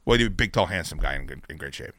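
A man's voice: extremely low pitch, lively intonation, very fast, fairly bright tone, no echo. A middle-aged man hosting a radio show, talking casually in a rambling, profane way.

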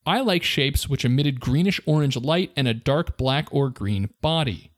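A man's voice: mid-range voice, expressive, normal speed, dry recording, clean studio sound. A man co-hosting a podcast, telling a story in a playful, joking way and laughing often. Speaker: podcast co-host. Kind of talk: casual storytelling chat.

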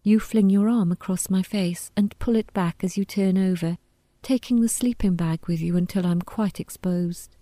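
A woman reading a first-person story aloud in a quiet, wry, deadpan manner. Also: mid-range voice, moderate pace, no echo. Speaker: narrator.

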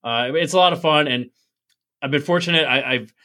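A male comedian guest calling in from home, joking darkly at his own expense. His voice is a bit high and bright with a sharp edge, and he sounds casual throughout. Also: brisk. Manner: self-deprecating, dark jokes. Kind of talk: casual chat. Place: at home on a video call.

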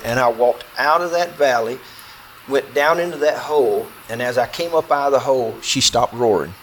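A man recounts a close call to a small audience seated around him. His pitch sits squarely in the middle of the range, and his delivery is intense and halting, full of restarts and repeated words. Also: a bit bright, a little hiss or hum. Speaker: bowhunter telling a story. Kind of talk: personal storytelling to a small audience.

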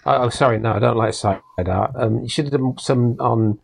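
A man's voice: mid-range voice, normal speed, gravelly, a little hiss or hum. An easygoing man co-hosting a casual podcast, guessing uncertainly at quiz questions. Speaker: podcast co-host.

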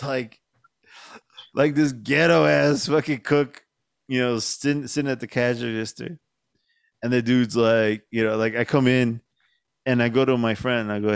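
A middle-aged man with a gravelly voice chats loosely on a podcast, swearing freely and getting animated as he tells stories. The sound is close and dry. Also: medium pitch, dry recording. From Mexican-American. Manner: profane, animated storytelling. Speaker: podcast host. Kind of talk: casual chat.

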